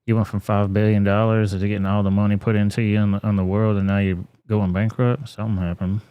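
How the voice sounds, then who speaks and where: Deep flat-voiced male streamer. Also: fast talker, smooth, no room sound. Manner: blunt, profane, laid-back. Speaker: live-stream host. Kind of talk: casual live-stream commentary.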